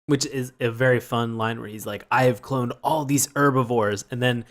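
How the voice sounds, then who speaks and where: A man co-hosting a podcast, chatting casually about a cartoon, often laughing and acting out lines in a high yelp. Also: steady tone, normal speed, a bit bright. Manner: laughs often, acts out quotes in high yelps. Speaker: podcast co-host. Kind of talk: casual review chat.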